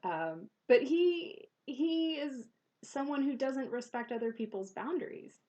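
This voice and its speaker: A woman reviewing a children's book for parents, speaking in a thoughtful, measured way with pauses and fillers. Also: high-pitched, expressive, dark tone.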